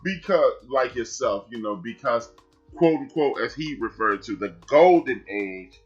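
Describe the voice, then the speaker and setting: A man in his forties hosting a sports talk podcast, emphatic and animated with shout-outs. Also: mid-range voice, unhurried, breathy edge. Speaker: podcast host. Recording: dull lo-fi sound, faint music.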